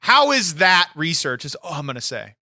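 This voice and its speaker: A brash man rambles and swears through comedic wrestling banter. His voice sits fairly high and rings bright and forceful, with a dry, close sound. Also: big pitch swings, normal speed, gravelly, no room sound. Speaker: podcast co-host. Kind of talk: comedic wrestling persona chat.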